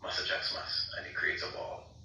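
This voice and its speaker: A man in a casual online debate who talks haltingly, repeating words. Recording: echoey, distant, noisy online audio.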